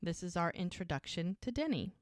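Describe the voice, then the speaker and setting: A woman's voice: fairly low pitch, sing-song, brisk, no echo, clean studio sound. A woman co-hosting a podcast, casually recapping a TV episode and eagerly acting out the characters' lines as she retells each scene. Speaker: podcast co-host.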